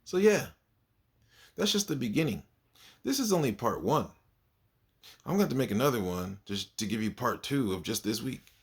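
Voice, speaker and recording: A man's voice: mid-range voice, moderate pace, pauses often. A man, a kindergarten teacher, telling stories from his class in a casual vlog and acting out his pupils. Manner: animated, acts out his pupils.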